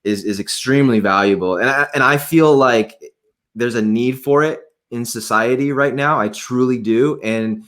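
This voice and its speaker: A man's voice: medium pitch, normal speed. Brief: eager male host, mid-range voice, casual and chatty. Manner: excited, enthusiastic. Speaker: podcast host. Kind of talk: casual interview hosting.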